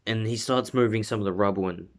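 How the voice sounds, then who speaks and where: A man's voice: on the low side, quick pace. Rambling man retelling a fan story. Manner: rambling, many fillers and self-corrections. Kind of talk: casual fan-fiction retelling.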